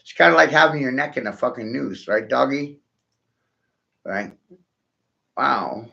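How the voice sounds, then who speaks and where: A man's voice: mid-range voice, animated, takes it slowly, gravelly, long pauses, pushed and bright, lo-fi sound. A man ranting to his viewers in a profane, sarcastic monologue, taunting them with rhetorical questions. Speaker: vlogger.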